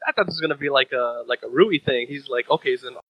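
A man's voice: mid-range voice, quick pace, breathy edge, no echo, muffled recording. A man recapping a manga chapter in casual chat, rambling with fillers and restarts, swearing and laughing at the story.

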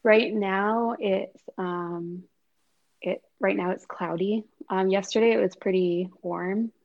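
A woman from Canada chats as a podcast guest, her voice carrying a gravelly fry. She talks loosely with many fillers and laughs often. The audio comes through dull and lo-fi. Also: medium pitch, steady tone, slow. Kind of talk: casual interview chat.

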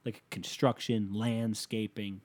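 A man hosting a show, delivering a casual comedic rant that is profane and exasperated, with loud emphatic outbursts. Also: fairly low pitch, level tone, takes it slowly.

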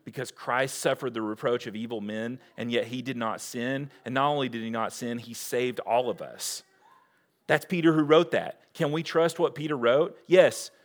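A pastor delivers a sermon in an earnest, direct manner, posing rhetorical questions and alternating between loud emphasis and quiet readings of scripture. His voice sits at a medium pitch.

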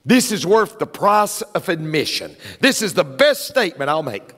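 A middle-aged man preaching a sermon, excitable, swinging between quiet asides and shouted lines. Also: a little high, normal speed, hardly any pauses. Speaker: pastor. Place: large church sanctuary. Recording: church hall with long reverb.

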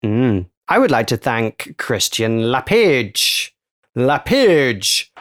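A man's voice: medium pitch, very animated, slow, a bit bright, no room sound, studio quality. A man co-hosting a podcast in casual, playful, joking chat. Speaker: podcast co-host.

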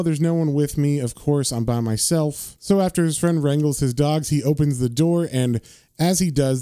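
A man's voice: on the high side, dark tone, no echo, studio quality. A man giving a casual, rambling recap of a comic book issue, with lots of fillers. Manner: loose and rambling, with frequent fillers.

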